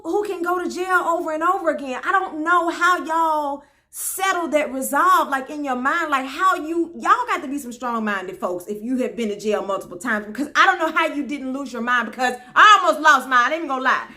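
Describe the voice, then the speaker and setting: A woman from Memphis, telling a funny personal story to her viewers in an animated, folksy way. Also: high-pitched. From Memphis, Tennessee. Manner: animated, talks straight to viewers with folksy asides. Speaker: storyteller host.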